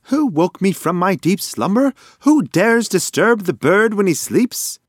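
A man voicing a boastful, joking male pigeon who talks in loud, high, theatrical bursts. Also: sing-song, a little slow, no echo, clean studio sound, exaggerated voice.

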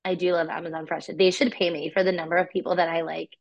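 A woman's voice: lowish voice, flat delivery, fast, muffled recording. A woman co-hosting a podcast, chatting casually and playfully with plenty of fillers. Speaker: podcast co-host. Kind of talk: casual chat.

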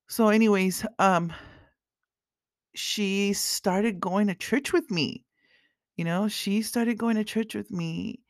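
Gravelly woman telling a faith story. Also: fairly low pitch, no echo, clean studio sound. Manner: rambling, full of "you know" and throat clearing; softens to a hush at tender moments. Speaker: podcast host.

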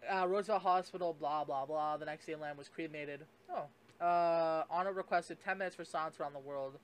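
Rambling high-voiced podcast guy. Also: fairly even intonation, brisk, smooth. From Canada. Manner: rambling, profane, full of fillers and restarts. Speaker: podcast host. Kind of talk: casual solo podcast rant.

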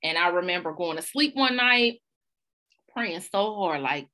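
A woman hosting a podcast, telling a personal story in a casual, animated, slangy way and laughing along. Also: fairly low pitch, measured pace. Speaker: podcast host.

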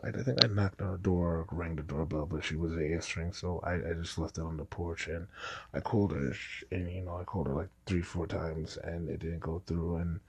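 A man's voice: deep voice, creaky, darkish tone, husky, no room sound. A man casually telling a personal story, rambling and restarting his sentences. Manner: rambling, repeats himself with false starts.

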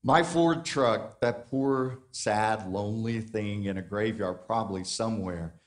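A man's voice: on the low side, a little slow. A man preaching a sermon in a conversational way. He puts questions to the congregation and often restarts or repeats words. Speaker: pastor.

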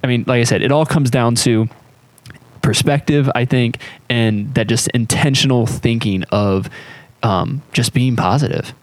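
Earnest American podcast host, dry sound. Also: male voice, medium pitch, a little slow, no room sound. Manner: earnest and reflective, filler-heavy. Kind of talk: casual podcast chat.

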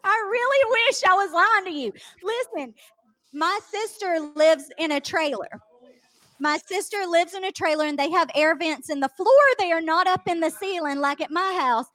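A woman with a very high, bright-pitched voice tells a story in a casual podcast chat. She is animated and laughs along the way. The mic is close and dry, with no room sound. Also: moderate pace, dry recording. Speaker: podcast co-host.

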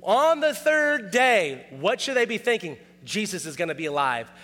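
High-voiced preacher with a bright sound. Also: male voice, normal speed, big-room sound. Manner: animated, acts out quoted dialogue in a raised voice. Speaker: pastor. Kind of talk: sermon.

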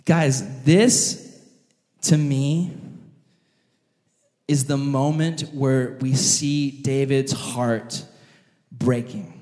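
A man preaching an animated, jokey sermon, addressing his audience directly as he tells a story. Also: medium pitch. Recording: long hall reverb.

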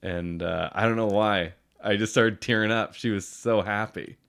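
A man's voice: lowish voice, steady tone, normal speed, vocal fry, a bit bright, smooth. A man co-hosting a podcast, talking in a rambling, emotional way and laughing easily. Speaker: podcast co-host. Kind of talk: casual chat.

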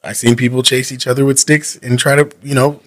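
A man's voice: medium pitch, flat delivery, a little fast, fairly bright tone. A man in casual podcast chat who stumbles and restarts his sentences and laughs between words.

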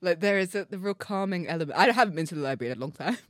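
A woman's voice: on the low side, expressive, very fast, no echo, studio quality. A young woman, co-hosting a casual podcast chat with playful teasing. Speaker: podcast co-host.

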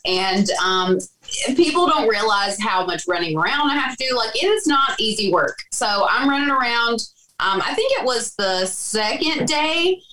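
A woman's voice: a little high, expressive, normal speed, bright, forceful tone, distant mic, a little hiss or hum, poor audio. Giggly woman telling a story. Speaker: guest, festival announcer. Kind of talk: casual storytelling.

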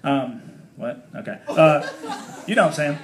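A man's voice: fairly high pitch, animated, normal speed, a crowd in the background. A man leading a casual Bible study for a small group, reading scripture aloud and explaining it in a chatty, joking way with many fillers.

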